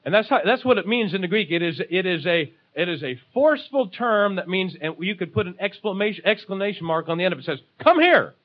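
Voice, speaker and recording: A man's voice: high voice, animated, quick pace, hardly any pauses, dull audio. A man preaching a sermon, emphatic, repeating key phrases and calling for responses from the congregation.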